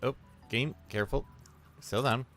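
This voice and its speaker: A man chatting casually and rambling while playing a game, swearing freely and getting excited. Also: mid-range voice, moderate pace, music in the background. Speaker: streamer and storyteller.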